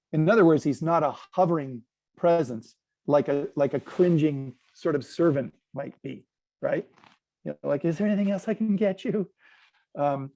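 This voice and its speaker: A man whose voice sits on the high side appears as a panel guest, telling an anecdote and drawing lessons from it. He's a lively, reflective storyteller with playful asides, and the recording is dry.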